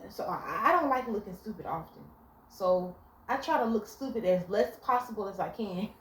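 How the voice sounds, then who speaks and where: A young woman with a mid-range voice talks at a normal speed, giving blunt relationship advice in a casual vlog. She tells stories animatedly and curses freely. The echoey room carries faint ambience, plus a little hiss or hum.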